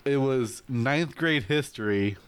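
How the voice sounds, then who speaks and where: A young man in casual chat, an animated storyteller who laughs and swears a lot. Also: mid-range voice, takes it slowly, smooth. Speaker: podcast co-host.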